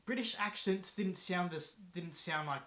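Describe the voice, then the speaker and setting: A man's voice: high voice, a little slow, sharp tone. A man guest on a casual movie review chat, speaking hesitantly with many ums and restarted sentences. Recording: echoey room.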